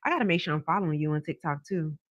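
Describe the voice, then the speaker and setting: Woman w chatting on her livestream, super animated, dry close sound. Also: sits low, very fast, no echo, dull audio. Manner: chatty, animated, reads and answers comments. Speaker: tarot reader livestream host. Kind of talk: casual livestream chat with viewers. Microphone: camera on a stand.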